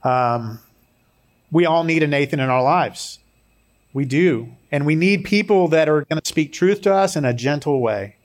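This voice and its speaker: A man's voice: a little high, moderate pace. A man preaching a sermon in a conversational way, mixing scripture with personal stories and light humor. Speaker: pastor.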